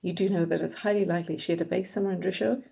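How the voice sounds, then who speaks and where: A woman's voice: fairly low pitch, steady tone, racing, gravelly, dark tone. A woman voicing a chatty, eccentric local history enthusiast who natters on, in a dull lo-fi recording. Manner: chattering, fanciful.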